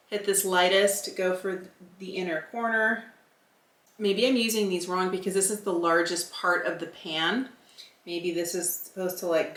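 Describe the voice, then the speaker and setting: A woman in her fifties talks through a makeup review in a candid, chatty way, musing aloud as she goes. Her voice sits fairly low for a woman. The room gives it a noticeable echo. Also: a bit bright. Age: 50s. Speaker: beauty vlogger. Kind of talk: casual product review while applying makeup. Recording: roomy echo.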